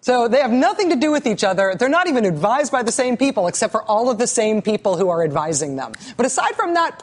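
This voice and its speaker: A woman hosting a cable news show, delivering sardonic, mocking commentary with quick asides and stammered restarts. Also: medium pitch.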